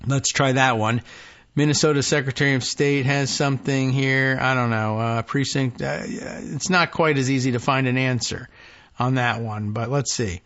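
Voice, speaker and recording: A man's voice: mid-range voice, fairly even intonation, normal speed, a bit bright. Wry dry-humored male podcast host. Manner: dry, wry asides, trails off with "I don't know". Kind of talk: casual political talk, reading news aloud. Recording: slightly dull lo-fi audio.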